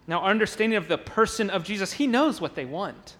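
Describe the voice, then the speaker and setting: High-voiced man preaching in an echoing church. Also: expressive, a little fast, a bit bright. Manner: emphatic preaching, acts out crowd voices, repeats words. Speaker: pastor. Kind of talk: sermon. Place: church sanctuary.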